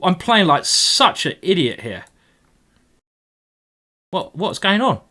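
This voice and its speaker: A man commentating live on his own blitz chess games, excitable and playful, teasing his opponent out loud. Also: sits high, slow. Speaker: chess streamer.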